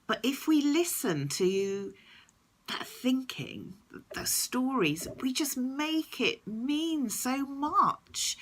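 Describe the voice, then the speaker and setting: A woman's voice: sits high, big pitch swings, measured pace, a bit bright. A woman vlogger talking reflectively to camera in a thoughtful, explanatory way.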